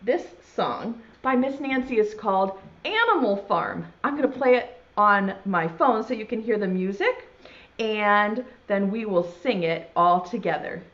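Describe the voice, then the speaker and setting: A woman leading a virtual preschool circle time as teacher, cheerful and sounding out letters slowly for small children. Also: medium pitch, animated, fairly bright tone, muffled recording.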